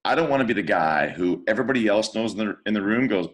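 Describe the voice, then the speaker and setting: A man co-hosting a casual podcast chat as a DJ, thinking aloud in an animated, reflective way. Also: lowish voice, fast. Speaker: DJ, podcast co-host.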